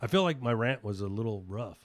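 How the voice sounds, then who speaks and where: A man's voice: lowish voice, expressive, brisk, no echo. A man co-hosting an off-road podcast in casual, blunt chat, swearing easily and telling stories. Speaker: podcast co-host.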